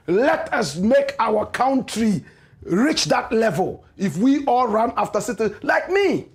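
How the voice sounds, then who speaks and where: A man's voice: extremely high pitch, very animated, measured pace. A man with a Ghanaian English accent hosting a political commentary show, speaking with impassioned, preachy rhetoric and repeated refrains. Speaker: radio and online show host.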